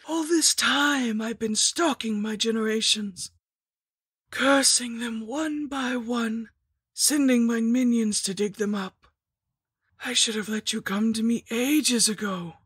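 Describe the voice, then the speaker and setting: A woman voicing a sweetly menacing old female lich hag, crooning slowly in a breathy, husky whisper for a horror story. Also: on the high side, a bit bright, no room sound, clean studio sound, voice pushed up, full character voice. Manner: cooing, slow, crooning.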